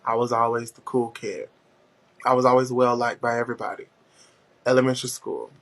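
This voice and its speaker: A man hosting a casual chat, telling stories in a loud, profane, animated way with big jumps in pitch. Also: vocal fry. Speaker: host.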